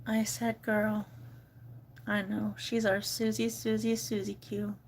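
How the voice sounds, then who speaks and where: A woman's voice: completely flat delivery, takes it slowly, breathy edge. A woman, chatting casually to her viewers in a vlog. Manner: chatty, talks to dog in high baby voice. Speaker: vlogger.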